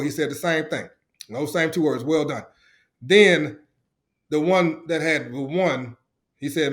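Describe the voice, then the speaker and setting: A middle-aged man, a podcast guest and ministry founder, giving an excited testimony and acting out the voices in the stories he tells. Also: fairly high pitch, unhurried. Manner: animated storyteller, acts out quotes. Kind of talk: enthusiastic testimony.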